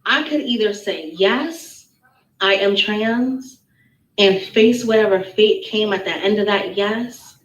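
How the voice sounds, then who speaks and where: Dramatic woman telling a story in a roomy echo. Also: mid-range voice. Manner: dramatic, breathless, frank and profane. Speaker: storyteller in a played clip. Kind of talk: animated personal storytelling. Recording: roomy echo, distant mic, faint noise.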